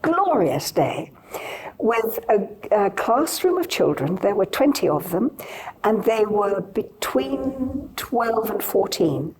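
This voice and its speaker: A woman's voice: medium pitch, takes it slowly, a little hiss or hum, poor audio. Older British woman recounting a story. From Britain. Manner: animated anecdotal telling with quoted dialogue and frequent restarts. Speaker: guest, TV journalist. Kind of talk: conversational storytelling. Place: on stage at a live event.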